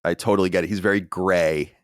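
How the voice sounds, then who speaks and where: A man hosting a podcast in casual chat, animated and reading listener letters aloud. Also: low-pitched, quick pace, clean tone, no room sound, clean studio sound. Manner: animated storyteller, reads listener mail aloud. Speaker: podcast host.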